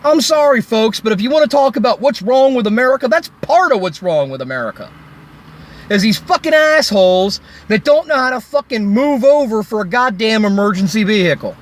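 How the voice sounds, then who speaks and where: A man's voice: sits high, expressive, fairly quick. A man ranting angrily into his phone by a road, swearing heavily and sarcastically. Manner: furious, heavy swearing, sarcastic. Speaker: vlogger. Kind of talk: angry roadside rant. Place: recorded while by a road.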